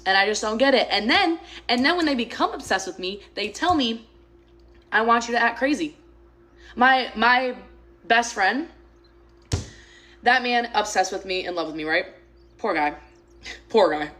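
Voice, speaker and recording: A woman's voice: fairly high pitch, sharp tone. A young woman telling a dating story to camera in a blunt, profane, emphatic rant.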